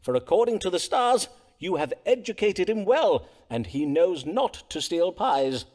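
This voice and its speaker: Casting: courtly Elizabethan star-reading physician, raised voice, very lively inflection, ornate old-fashioned speech. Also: male voice, high-pitched, measured pace. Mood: courteous. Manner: florid archaic courtly speech. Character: learned Elizabethan astrologer-doctor, courteous and wordy. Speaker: astrologer. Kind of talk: period game voice acting.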